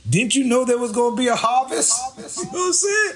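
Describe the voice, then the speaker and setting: High-pitched guy doing a stand-up bit, acting out both sides, swearing a lot. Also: fairly quick. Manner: animated, acts out both sides of a conversation, profane. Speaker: comedian. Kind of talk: stand-up storytelling.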